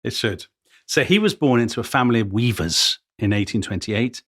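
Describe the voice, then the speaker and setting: A man tells history stories to his co-host with genuine enthusiasm, relishing the old quotes and accounts he reads aloud. His medium-pitched, slightly bright voice has lively intonation and a fairly quick pace. The sound is dry and close, with no room echo.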